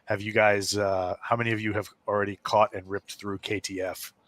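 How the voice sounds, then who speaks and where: A man's voice: on the low side, flat delivery, fairly quick, fairly bright tone. A man hosting a casual group podcast over a video call, rambling with many fillers and restarts. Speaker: podcast host.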